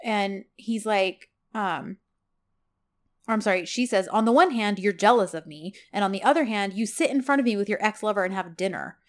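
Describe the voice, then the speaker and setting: A woman's voice: medium pitch, moderate pace. A woman co-hosting a casual podcast, retelling TV episode scenes and acting out the characters' lines. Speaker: podcast co-host recapping a TV series. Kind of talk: casual chat.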